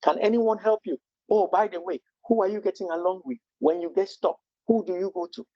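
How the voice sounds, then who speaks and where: A Scrum trainer leads a live training webinar in a high-pitched, brisk voice, recorded with no room sound and the highs cut off. He's earnest, fires off rhetorical questions, and often restarts his sentences.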